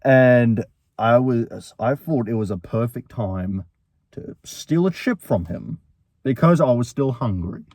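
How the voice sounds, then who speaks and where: A man's voice: mid-range voice, expressive, slow pace, darkish tone, no room sound. A young man telling a story casually, rambling, with many restarts as he recounts a quarrel. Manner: rambling, full of restarts, quoting both sides of a quarrel.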